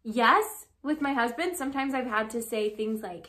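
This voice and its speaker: A young woman giving relationship advice as a life coach, chatty and animated, full of "like" and "um". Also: a little high, moderate pace, few pauses. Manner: chatty, frequent "like" and "um", animated storytelling. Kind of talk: casual advice talk to camera.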